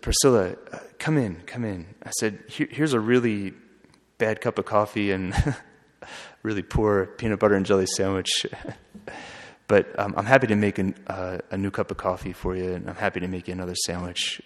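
A man who is a friar, telling a story in an earnest, halting way with frequent restarts. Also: on the low side, fairly even intonation. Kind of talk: storytelling talk. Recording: long hall reverb.

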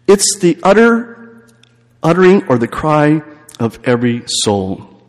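A man's voice: on the high side, big pitch swings, takes it slowly, long reverb tail. A man giving a retreat homily as a priest, telling a story with emphatic repeated phrases.

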